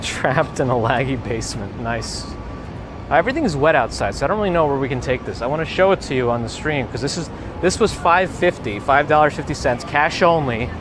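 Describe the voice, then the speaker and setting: A man's voice: medium pitch, animated, fairly quick. A man live-streaming a walk, chatting casually and thinking aloud to his viewers. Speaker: live-streaming walking vlogger. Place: outdoors on a city street. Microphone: handheld gimbal camera mic. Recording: street noise behind a handheld camera mic.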